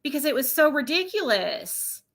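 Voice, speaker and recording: Woman rambling on stream, kinda high bright voice, lots of restarts. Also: big pitch swings, normal speed. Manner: rambling, chatty, with many restarts. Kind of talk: casual chat.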